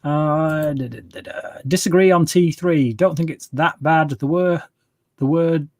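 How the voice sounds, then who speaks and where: A man's voice: fairly high pitch, measured pace, darkish tone. A man hosting a casual livestream Q&A, rambling and opinionated, humming filler syllables while he reads the chat. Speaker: channel host answering viewer questions.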